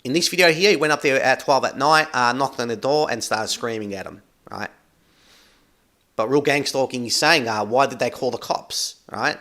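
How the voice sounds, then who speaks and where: A man's voice: medium pitch, normal speed, bright, forceful tone. A man giving accusatory commentary over a video, repeating "right?" after nearly every phrase. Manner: accusatory, emphatic. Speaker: commentary channel host.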